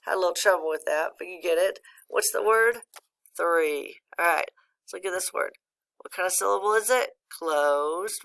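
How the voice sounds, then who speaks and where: Slow, patient woman teaching phonics. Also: lowish voice, gravelly, a bit bright. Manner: patient, encouraging, praises often. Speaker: reading teacher. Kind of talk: slow phonics lesson for a young child.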